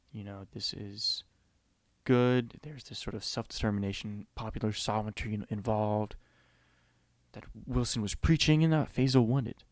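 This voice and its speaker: An American man giving an informal history lecture with a lowish voice, talking loosely and conversationally. The recording is dry and close, with no room sound. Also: darkish tone, no room sound. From United States. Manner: conversational, loose, with many "you know" fillers.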